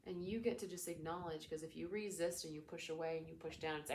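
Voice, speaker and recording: A woman talking as a spiritual coach in a casual, gentle, reflective teaching style. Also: sits low, steady tone, fast talker, hardly any pauses, slight background noise. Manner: gentle, soothing, reflective, with chatty fillers.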